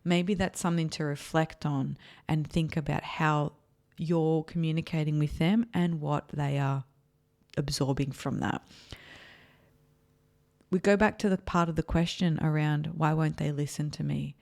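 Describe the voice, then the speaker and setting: A woman's voice: low voice, fairly even intonation, a little slow, vocal fry, darkish tone. A woman therapist hosting an advice podcast, speaking earnestly and repeating her key points for emphasis.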